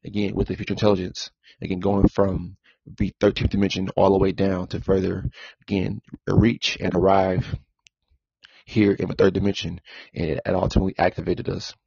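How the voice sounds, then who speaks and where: A man's voice: low-pitched, flat delivery, fairly quick, vocal fry, warm tone, slightly rough, no room sound. A man hosting a spiritual podcast monologue, repeating himself and circling back to the same points. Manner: repetitive, circling back with "again". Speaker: podcast host. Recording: dull lo-fi sound.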